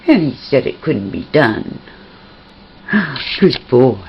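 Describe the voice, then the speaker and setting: A woman's voice: rumbling low, sing-song, slow, vocal fry, long pauses, husky, dull audio. A woman filming her pet at home on a handheld camcorder, coaxing and praising it in cooing baby talk. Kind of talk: home video chat with a pet.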